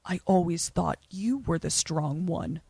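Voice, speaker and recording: Woman on a podcast doing a gloating young vampire guy, low and slow, dry close mic. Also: gravelly, darkish tone, breathy edge, no echo, exaggerated voice. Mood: menacing. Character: young male vampire, menacing then weeping.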